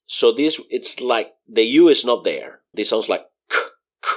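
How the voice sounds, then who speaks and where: A man's voice: mid-range voice, lively intonation, a little slow. A man teaching a beginner Spanish lesson, spelling words out letter by letter and patiently explaining pronunciation with repeated examples.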